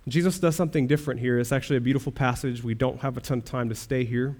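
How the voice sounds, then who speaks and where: A man's voice: medium pitch, fairly even intonation, very fast, darkish tone. A man pastor preaching a sermon, earnest, with rhetorical questions and rising swells of emphasis.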